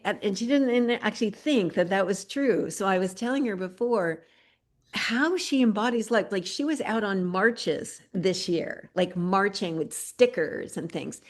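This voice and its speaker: A woman hosting an online community gathering, talking earnestly and rambling with many fillers over a video call. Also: medium pitch. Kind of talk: warm spoken tribute on a group video call.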